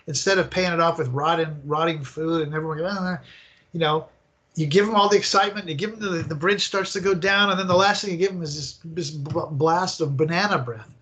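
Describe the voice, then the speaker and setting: An older man telling animated, rambling stories as a guest in an interview, acting out the scenes as he goes. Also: on the high side, brisk. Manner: animated, rambling storyteller who acts out scenes. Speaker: guest, attraction designer. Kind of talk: casual interview storytelling.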